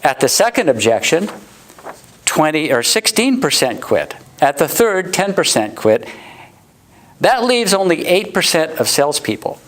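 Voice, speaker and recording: A middle-aged man giving a sales training talk, acting out customer quotes in high voices. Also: big pitch swings, a little slow, a bit bright, low-quality recording. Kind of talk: motivational sales talk to a live audience. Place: warm indoor room.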